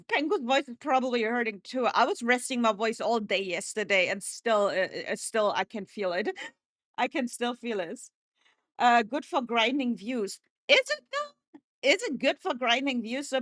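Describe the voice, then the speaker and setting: Hoarse joking woman streamer. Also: fairly high pitch, a bit bright, no room sound. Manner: joking, rambling, stammering restarts. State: hoarse, clearing throat. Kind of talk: casual live-stream chat.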